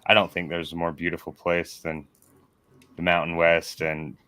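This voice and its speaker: Man, very low voice, smooth and resonant, measured and hesitant. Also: completely flat delivery, bright, forceful tone, dry recording. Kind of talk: casual chat.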